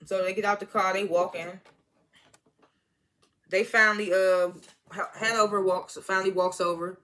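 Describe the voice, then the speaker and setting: A TV episode reviewer giving a casual, animated recap, often correcting themselves and breaking into excited exclamations. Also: medium pitch, normal speed. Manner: animated, rambling, self-correcting.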